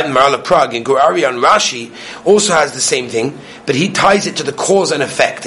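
With slight background noise behind him, a fairly high-voiced Torah teacher covers the weekly portion. He tells stories vividly, swinging from loud excitement to hushed speech.

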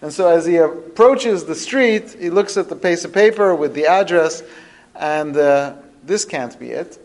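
A man teaching a religious lesson as a story, with a fairly high voice. His delivery swings in pitch and loudness for dramatic effect. He builds up to his points like a storyteller. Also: unhurried. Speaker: rabbi teaching a podcast lesson.

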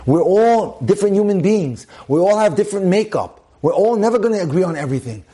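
A man's voice: high-pitched, expressive, quick pace, warm tone. A man giving a sermon-style talk on marriage, emphatic and full of rhetorical questions. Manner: emphatic, repeats phrases, asks rhetorical questions.

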